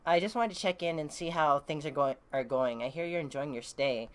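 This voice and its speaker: Woman reading as a smooth, prying woman leader. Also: deep voice, fairly quick, close to an everyday voice. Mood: probing. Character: smooth, probing woman in charge.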